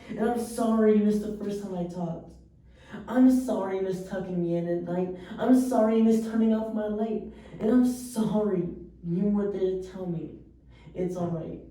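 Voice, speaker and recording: A woman's voice: a little high, dark tone. Woman reading poems in an echoey room. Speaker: poetry reader. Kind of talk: poetry recitation. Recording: echoey room, voice far from mic.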